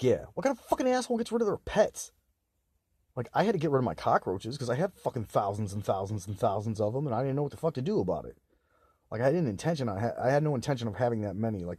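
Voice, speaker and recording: A young man from the United States rambles through an agitated monologue to camera, swearing at nearly every turn. His voice sits low and dark, with a husky edge. The sound is dry and close, with no room echo. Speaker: vlogger.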